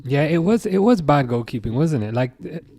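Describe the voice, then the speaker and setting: A man's voice: on the high side, sing-song, normal speed, darkish tone, no echo, clean studio sound. A young man hosting a live stream, reading viewer chat aloud and answering in a chatty, self-correcting way. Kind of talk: casual live chat commentary.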